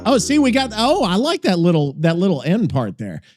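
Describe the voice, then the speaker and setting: Man, podcast host, high voice, very animated pitch, rambling, swears a lot, faint music behind. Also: brisk. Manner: excitable, profane, thinks out loud. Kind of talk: casual rambling chat.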